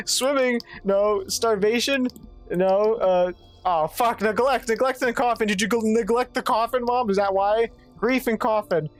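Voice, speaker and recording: A woman streamer giving let's play commentary, thinking out loud, swearing freely and reading game text aloud, with faint game music behind. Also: fairly high pitch, a little slow. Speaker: gaming streamer.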